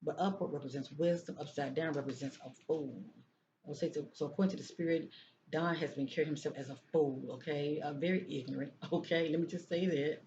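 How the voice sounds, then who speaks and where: In this casual tarot reading, the reader speaks fairly quickly in a medium-pitched, a little mellow voice with fairly even intonation. The audio is dull and lo-fi with faint noise, and the reader keeps repeating phrases and asking "okay?"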